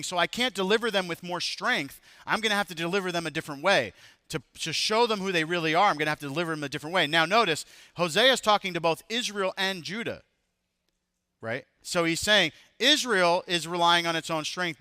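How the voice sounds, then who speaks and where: A man's voice: sits high, pushed and bright, dry recording, studio quality. A man in his thirties preaching a sermon as pastor, talking to the congregation in a loose, joking way. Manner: conversational, jokes with the congregation.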